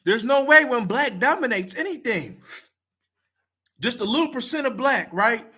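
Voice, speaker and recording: A man talks straight to his audience, blunt and profane. His voice is bright and lively, with pitch that swings widely as he presses each point. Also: normal speed, breathy edge. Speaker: video commenter. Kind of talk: casual talk to camera.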